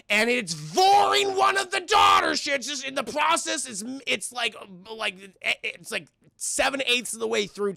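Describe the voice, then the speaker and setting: Male streamer, high gravelly voice, lively film recap, dry close mic. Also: dry recording. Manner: animated, acts out characters in shouted voices. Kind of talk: excited movie recap to live chat.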